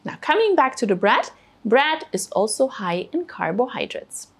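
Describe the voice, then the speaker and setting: A woman's voice: a little high, big pitch swings, normal speed, slightly rough. A woman presenting a children's cooking show, explaining food patiently and encouraging the kids step by step. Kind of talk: teaching children about food.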